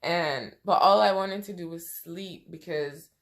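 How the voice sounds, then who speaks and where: A woman's voice: on the low side, unhurried. A young woman telling a personal storytime, emotional and close to tears, acting out what people said. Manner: emotional, tearful retelling with quoted dialogue. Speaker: vlogger. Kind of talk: storytime vlog.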